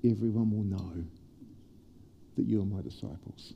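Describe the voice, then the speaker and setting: A man preaching a sermon to a congregation, playful and lively at first and then quiet and prayerful. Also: on the low side, moderate pace, gravelly, big-room sound, a little hiss or hum. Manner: animated, humorous preaching that turns soft and prayerful. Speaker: pastor. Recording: dull lo-fi church sermon recording.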